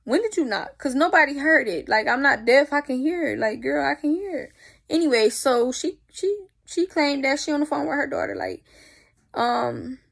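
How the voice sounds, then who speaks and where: A young woman telling a story in a casual vlog, animated and profane, with spoken sound effects. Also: high-pitched, normal speed, vocal fry. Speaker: vlogger.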